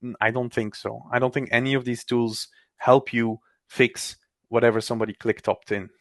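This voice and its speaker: A man in casual technical chat, animated, with quick restarts, acting out other people's lines. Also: medium pitch, dry recording.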